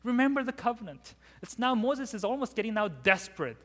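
A man preaching a sermon in an animated way, acting out the scripture he quotes. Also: very high voice, brisk. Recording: long hall reverb.

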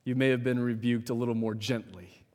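A man preaching a sermon in a measured, emphatic way, with dramatic pauses, in a large church hall. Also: mid-range voice, steady tone, darkish tone. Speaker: pastor. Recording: long hall reverb.

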